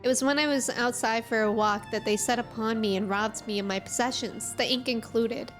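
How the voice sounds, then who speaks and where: A woman's voice: a little high, steady tone, fairly quick, soft background music, close to an everyday voice. A woman reading aloud the part of a weakened fae artisan who asks a mortal for help, in a formal, pleading manner. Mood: formal plea. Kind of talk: reading game dialogue aloud.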